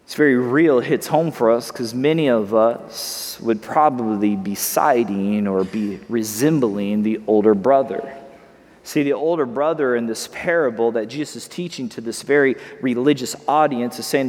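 A man's voice: medium pitch, moderate pace, darkish tone. A man pastor preaching a sermon to a congregation in a conversational way, often repeating words as he goes. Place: church hall with congregation. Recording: long hall reverb.

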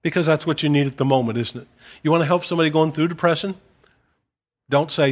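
A man, a pastor, preaching a gentle, conversational sermon with casual asides to his listeners. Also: a little high, brisk.

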